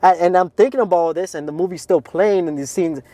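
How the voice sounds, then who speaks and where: A man with a fairly high voice shares his testimony on a podcast. He speaks earnestly and casually, filling his story with "like" and "man". The sound is close and dry. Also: fast, warm tone, no room sound. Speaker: podcast co-host.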